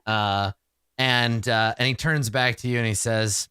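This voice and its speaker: A man running a tabletop game as game master, narrating in a casual, halting way with many fillers. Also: medium pitch, fairly even intonation, bright, forceful tone, clean tone, no echo, clean studio sound.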